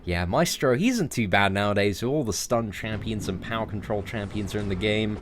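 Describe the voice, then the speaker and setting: A man's voice: normal speed, background noise. A young man casually commentating his mobile game live, chatty and jokey, thanking viewers as he plays. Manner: chatty, jokey, lively pitch jumps when excited. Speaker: gaming livestream host. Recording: faint music behind.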